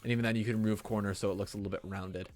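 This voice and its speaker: A young man with a lowish voice talks through his building plans as he plays, rambling and self-mocking in a loose stream-commentary way. Soft background music runs faintly behind him. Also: steady tone, very fast. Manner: chatty, thinking aloud, self-mocking. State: hiccups. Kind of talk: casual gameplay commentary.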